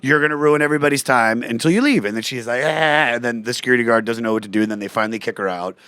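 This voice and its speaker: Comedian guy on a podcast, mid-pitched, dry close mic, jumps up high when he quotes people. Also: very fast, clean tone, dry recording. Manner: animated storytelling, acts out quotes in a raised voice. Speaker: guest comedian. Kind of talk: casual podcast chat.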